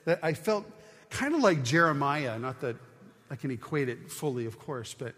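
A man's voice: medium pitch, very animated, normal speed, fairly bright tone, long reverb tail. A man preaching a sermon as a pastor, teaching in an earnest, conversational way with frequent restarts.

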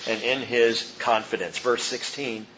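A man preaching a sermon as pastor, swinging between loud emphatic peaks and quiet low asides. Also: unhurried, highs cut off, slight background noise. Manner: animated preaching, rising and dropping sharply for emphasis.

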